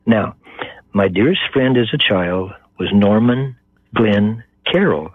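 A man's voice: lowish voice, expressive, takes it slowly, breathy edge. An older man with a Texan accent, the guest in an interview, telling a story and acting out the voices of the people in it. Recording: muffled phone-line sound.

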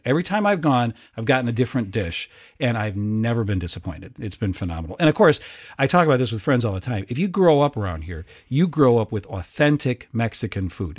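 A man's voice: medium pitch, a little mellow, husky. A man hosting a casual interview, talking in an enthusiastic and rambling way. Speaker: host.

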